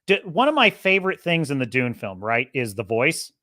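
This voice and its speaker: A man's voice: mid-range voice, big pitch swings, moderate pace, sharp tone, no echo, clean studio sound. A man hosting a podcast, talking through a film review in a rambling, enthusiastic way and correcting himself as he goes. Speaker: podcast host. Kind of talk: casual film review monologue.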